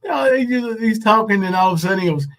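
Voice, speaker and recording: A man's voice: sits high, lively intonation, fast, fairly bright tone. A man co-hosting a casual reaction chat, playful and laughing often. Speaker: co-host.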